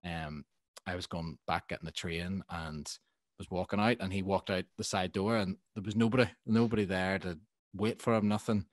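A man, a guest musician telling animated anecdotes in a casual podcast chat, laughing often. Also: low-pitched, normal speed, no echo.

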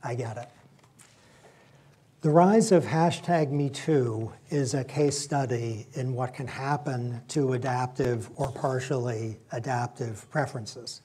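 Mellow, husky male lecturer. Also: medium pitch, measured pace. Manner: reflective, conversational. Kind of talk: public lecture with personal stories.

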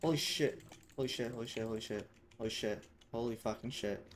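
A man giving casual, profane commentary while playing a game, swinging between mutters and excited shouts. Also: medium pitch, fairly quick, a little hiss or hum. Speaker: gamer.

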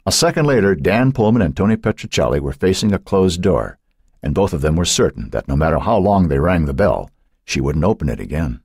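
A man narrating an audiobook in a measured storytelling manner. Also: a bass voice, sing-song, a little mellow, husky, no room sound, clean studio sound. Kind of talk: scripted narration.

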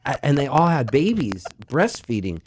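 Animated storytelling man in a radio studio. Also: mid-range voice, moderate pace, a little hiss or hum, poor audio. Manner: rambling, animated anecdotes with bursts of laughter. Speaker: musician guest. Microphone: studio microphone.

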